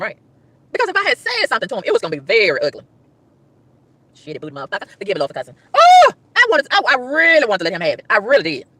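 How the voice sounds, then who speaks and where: A woman ranting to her livestream chat, emphatic and exasperated, with loud whoops. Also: fairly high pitch, no room sound. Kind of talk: casual livestream rant.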